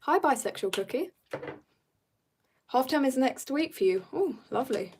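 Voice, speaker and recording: A teenage girl from South Africa, a little husky from being ill, rambling playfully as she greets viewers and chats while drawing on a live stream. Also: high voice, animated, moderate pace, a little mellow, a little hiss or hum. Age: teens. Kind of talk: casual live-stream chat.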